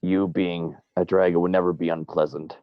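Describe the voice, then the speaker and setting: An earnest, humble warrior who stumbles through apologies and simple replies, as a man plays him. The low voice sounds dull and dry, recorded close for an online tabletop game. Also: flat delivery, moderate pace, dry recording, natural voice.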